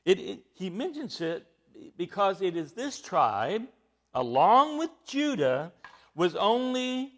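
A male preacher with a high voice that swings widely as he teaches. He speaks slowly and deliberately, building to emphatic, rising bursts. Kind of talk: sermon.

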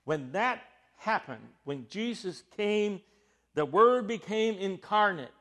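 A male preacher with a high voice that swings widely as he teaches. He speaks slowly and deliberately, building to emphatic, rising bursts. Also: lively intonation, a bit bright. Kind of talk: sermon.

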